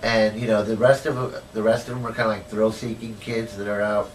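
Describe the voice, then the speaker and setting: With little pitch movement, this activist's voice sits on the low side and moves fairly quickly. He tells his story casually in a documentary interview, rambling, leaning on "you know," and acting out quoted dialogue. The distant mic catches faint ambient noise.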